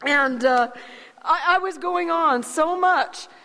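A woman telling a personal faith testimony in a halting, earnest way, often repeating her words as she goes. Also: high voice, creaky, pushed and bright, big-room sound, rough recording. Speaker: guest sharing testimony.

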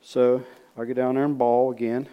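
A man preaching in a storytelling way, folksy and repetitive, swinging from loud re-enactment to hushed asides. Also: medium pitch, little pitch movement, moderate pace, clear, resonant tone, dull audio. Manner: repeats words, folksy speech. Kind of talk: storytelling sermon.

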